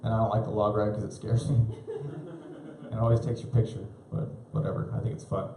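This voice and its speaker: A man in his thirties doing live stand-up comedy on a club stage, rambling and self-deprecating, with halting restarts. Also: lowish voice, little pitch movement, mellow, slight background noise. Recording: roomy live club recording.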